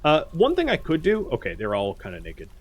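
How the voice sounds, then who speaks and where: Excitable man narrating his gameplay. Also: a little high, brisk, husky. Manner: talks to the characters on screen, excitable outbursts then muttered asides. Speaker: gameplay commentator. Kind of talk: casual let's-play commentary.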